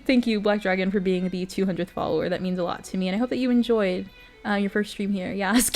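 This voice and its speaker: A woman's voice: medium pitch, fairly even intonation, quick pace, few pauses, darkish tone, faint music behind. Earnest young woman streamer. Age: young adult. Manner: earnest and emotional, with laughs. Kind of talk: bedtime story reading and stream chat.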